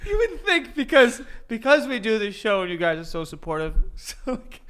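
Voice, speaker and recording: A man's voice: high-pitched, normal speed, smooth. A man co-hosting a podcast, telling stories through laughter. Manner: laughing storyteller, animated. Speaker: podcast co-host. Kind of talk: casual chat.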